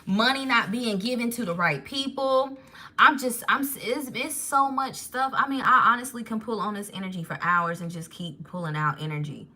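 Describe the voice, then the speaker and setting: A woman leads a live spiritual tarot reading with a bright, forceful voice. She talks in an animated, rambling way and gets emotional, often stopping to follow a new thought. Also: a little high, moderate pace. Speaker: tarot reader.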